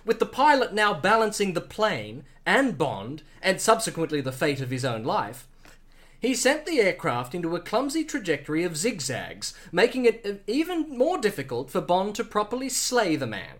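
A playful narrator tells an improvised comic tale with a lively, swinging pitch. The voice sits in a middle register. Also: normal speed. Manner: playful, laughs often. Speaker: storyteller.

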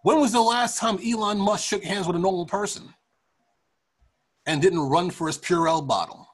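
A man hosting a podcast, giving profane, ranting political commentary in a casual, animated way. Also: high-pitched, normal speed. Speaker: podcast host.

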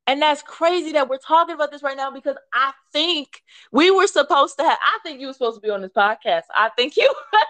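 Casual: woman guest talking earnest and encouraging, kinda high, dry close mic. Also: lively intonation, a little fast, fairly bright tone, no room sound. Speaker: podcast guest, author and advocate. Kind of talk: conversational interview.

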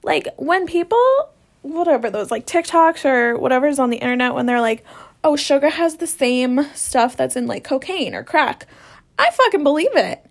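A woman's voice: high voice, sing-song, normal speed, vocal fry. A young woman telling stories in a casual monologue, swearing freely and sarcastic in a ranting way. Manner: profane, sarcastic, rant-like.

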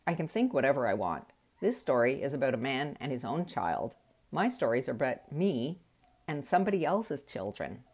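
A woman's voice: sits low, darkish tone. A middle-aged woman telling a personal story in a wry, reflective way.

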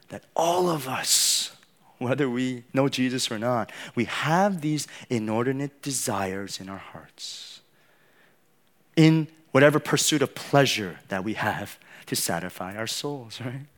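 A man's voice: mid-range voice, expressive, a little slow. A male pastor giving a conversational sermon, often checking in with the congregation by asking "right?" and saying "you know".

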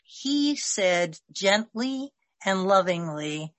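A woman's voice: mid-range voice, normal speed, a bit bright, dry recording. A woman in a group discussion telling a personal story casually, rambling, with many fillers. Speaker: discussion participant.

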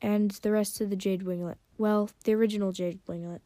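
A woman's voice: mid-range voice, fairly even intonation, fairly quick, warm tone, dry recording, close to an everyday voice. Woman reading an earnest young dragoness.

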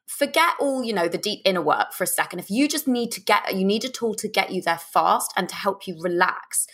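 Chatty and animated, this young podcast host and dating coach offers dating advice, occasionally shifting to a deeper, slower delivery to act out examples.

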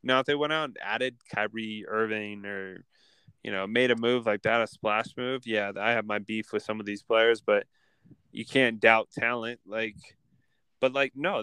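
A man's voice: lowish voice, moderate pace, pushed and bright, clean tone, no echo. A young man co-hosting a podcast in a casual chat, giving blunt, emphatic opinions. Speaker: podcast co-host.

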